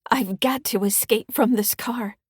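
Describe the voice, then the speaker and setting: A woman author reading her own mystery thriller as an audiobook, telling it in a steady, clear way. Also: on the high side, measured pace, no room sound, studio quality. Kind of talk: scripted audiobook narration.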